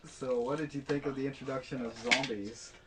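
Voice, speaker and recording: A man co-hosting a casual podcast about his own animated series, laughing often between quick remarks. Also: medium pitch. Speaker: podcast co-host and series creator. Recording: distant mic with clear background noise.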